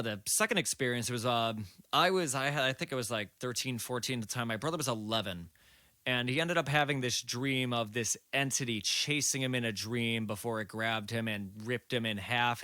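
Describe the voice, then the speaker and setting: A man's voice: mid-range voice, moderate pace, pushed and bright, dry recording, clean studio sound. A man in his late twenties telling a story in a loose, rambling way, swearing freely, as a podcast guest. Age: late 20s. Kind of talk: casual storytelling.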